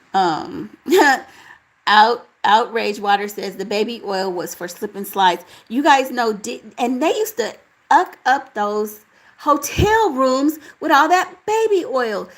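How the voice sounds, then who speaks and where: Woman chatting on a livestream, reading comments out loud and answering them, laid back and talky. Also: mid-range voice, expressive, a little slow, rough recording. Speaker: livestream host reading chat. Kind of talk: casual commentary chat.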